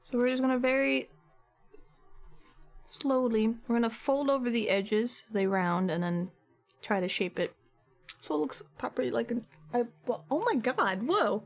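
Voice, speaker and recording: A woman's voice: on the high side, normal speed, creaky, long pauses. A woman art streamer chatting casually while sculpting on a live stream, rambling with lots of filler words.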